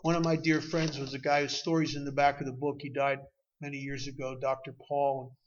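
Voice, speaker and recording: A man, speaking at a recovery meeting and telling a personal story with emotion, his voice swinging from loud to hushed. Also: medium pitch, little pitch movement, a little fast, lo-fi sound, slight background noise. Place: meeting room.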